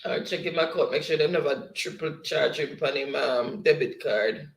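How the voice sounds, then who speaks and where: A man hosts a livestream and reads the chat aloud at a slow, unhurried pace, breaking into laughter again and again. His voice sits a bit high and has a gravelly edge. The sound bounces around an echoey room. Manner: laughs often, slow and easygoing. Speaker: livestream host. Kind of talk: reading live chat aloud.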